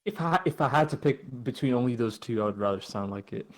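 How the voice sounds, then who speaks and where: A young man co-hosting a casual podcast over an online call, reading out listener questions in a relaxed, joking manner with plenty of slang. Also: mid-range voice, quick pace, rough recording. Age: young adult. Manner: laid-back, jokey, slangy. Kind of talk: casual chat.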